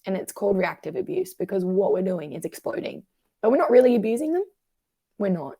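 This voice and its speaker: A woman's voice: mid-range voice, fairly quick, vocal fry, breathy edge, no echo, studio quality. A woman therapist in a conversational podcast, explaining patterns and acting out what people say. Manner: acts out quoted voices, animated.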